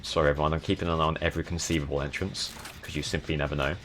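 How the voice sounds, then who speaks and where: A streamer from the south of England talks very fast in an extremely low yet fairly bright voice that stays level in tone. The young man commentates on his live gameplay with a southern English accent, chatting and thanking people as they follow. A little hiss or hum is audible.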